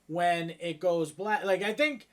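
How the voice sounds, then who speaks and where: A woman's voice: on the low side, measured pace. Chatty woman reviewing a horror game. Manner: chatty, acts out scares with sudden yells and whispers. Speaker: co-host of a gaming channel.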